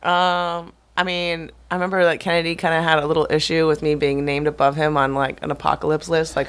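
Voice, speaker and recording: Woman guest, fast and bright, blunt playful chat. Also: low voice, little pitch movement, smooth. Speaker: guest fighter. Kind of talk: casual podcast chat.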